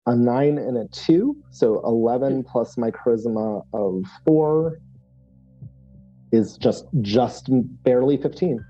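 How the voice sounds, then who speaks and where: A man's voice: medium pitch, slow pace, dark tone, lo-fi sound, soft background music. A man playing a tabletop role-playing game, explaining his character's move with many restarts and fillers. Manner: hesitant, many restarts and fillers, laughs often. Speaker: player.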